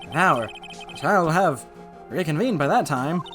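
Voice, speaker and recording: Man as a jittery young lawyer, wry, lively intonation, game music behind. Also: on the high side, a little slow. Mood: anxious. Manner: anxious, wry asides. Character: nervous young male defense lawyer. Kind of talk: fan voice-over of a game.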